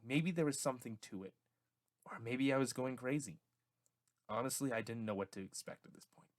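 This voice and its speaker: A man's voice: fairly low pitch, dry recording, clean studio sound. A young man narrating a first-person audiobook story in a casual, hesitant way, with stammers and restarts.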